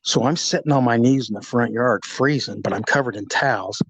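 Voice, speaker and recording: Animated storytelling man, dry close sound. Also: mid-range voice, fairly quick, slightly rough, no room sound, low-quality recording. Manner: animated, vivid storyteller who acts out sounds. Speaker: retired police officer recounting a shooting. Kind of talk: storytelling in an interview.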